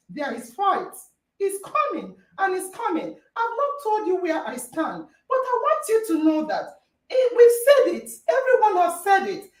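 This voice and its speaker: A woman hosting a podcast debate, arguing emphatically and repeating phrases for stress, recorded in an echoey room on a distant mic. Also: very high-pitched. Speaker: podcast host. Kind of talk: heated debate moderation.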